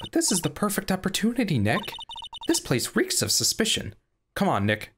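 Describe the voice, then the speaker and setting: A man's voice: huge pitch swings, normal speed, noisy background. A man doing a squealing, bubbly young woman. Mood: excited. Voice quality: squealing high put-on voice. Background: game music.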